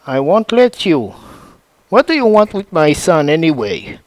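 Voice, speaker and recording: A man's voice: a little high, sing-song, unhurried, no room sound. A man voicing a fierce young mother and fighter, defiant and urgent, in a fan-made story.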